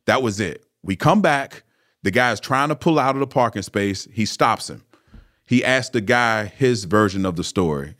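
Low-voiced man telling a story animatedly. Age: 30s or older. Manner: animated, frequent fillers and restarts. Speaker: interview guest, former pro football player. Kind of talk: casual storytelling.

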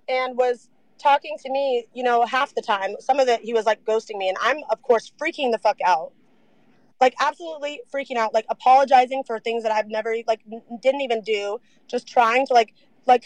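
A young woman telling her story in a casual interview, animated, saying "like" a lot and swearing freely. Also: on the high side, moderate pace, dry recording, low-quality recording.

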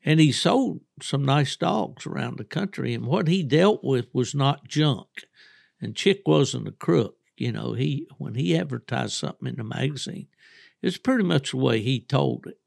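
An older man with a gravelly, creaky voice spins folksy, rambling stories as a podcast host. He talks in a relaxed, easygoing way and chuckles often. The sound is dry and close, with little room echo. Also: medium pitch, normal speed. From Southern West Virginia. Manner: folksy, rambling storyteller who laughs often. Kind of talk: casual storytelling chat.

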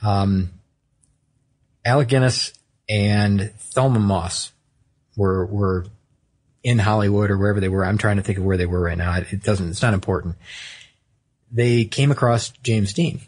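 A man's voice: lowish voice, normal speed, long pauses, a little mellow. A man co-hosting a podcast, casually telling a story from his notes, rambling and correcting himself as he goes. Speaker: podcast co-host.

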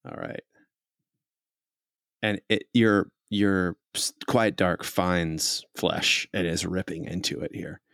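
A man's voice: deep voice, steady tone, gravelly, fairly bright tone, dry recording, clean studio sound. A man narrating as game master in a tabletop game, talking casually with frequent restarts. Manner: casual, halting, many restarts.

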